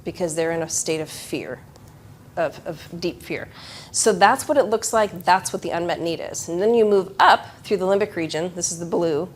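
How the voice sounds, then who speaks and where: A middle-aged woman giving a live workshop presentation to educators, talking in an animated way. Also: fairly low pitch, normal speed, a little hiss or hum. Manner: animated, acts out children's voices.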